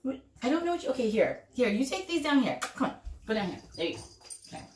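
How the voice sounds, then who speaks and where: A woman's voice: a little high, wildly swooping pitch, fast, a little mellow, echoey room. A woman chatting casually through a home cooking demo in her kitchen, rambling and talking to her cats between steps. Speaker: vlogger.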